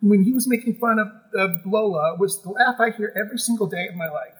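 A middle-aged man, a musical theater actor, telling emotional stories as a guest, animated and full of restarts. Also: high voice, quick pace, low-quality recording. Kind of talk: conversational storytelling.

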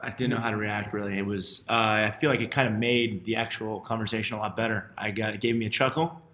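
A man's voice: on the low side, little pitch movement, fast talker, a bit bright, echoey room. A man co-hosting a podcast, dry and self-deprecating in casual banter. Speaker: podcast co-host.

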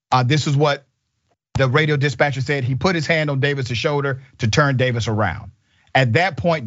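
A man's voice: fairly high pitch, fairly bright tone, no echo. A man hosting a commentary show, talking in an emphatic, indignant way and leaning on rhetorical questions. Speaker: show host. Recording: dull dry sound.

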